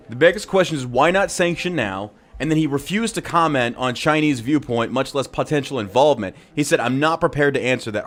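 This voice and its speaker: Man, live stream reaction host, profane, incredulous, mid-pitched voice. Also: fairly bright tone.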